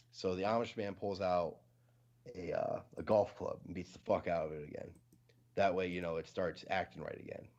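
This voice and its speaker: A low-voiced man hosting a casual livestream chat, rambling along with lots of fillers as he tells stories and jokes. The audio is dull and lo-fi, like a webcam mic on a stream. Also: darkish tone. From Ohio, US. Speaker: livestream host.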